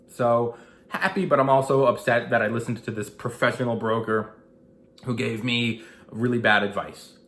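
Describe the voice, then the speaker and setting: A man in his thirties tells a personal investing story in a casual, animated way, slipping into the voices of the people in it. His pitch sits in an ordinary middle range for a man. The room gives his voice a clear echo. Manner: animated, acts out quoted dialogue. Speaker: investing vlogger. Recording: echoey room.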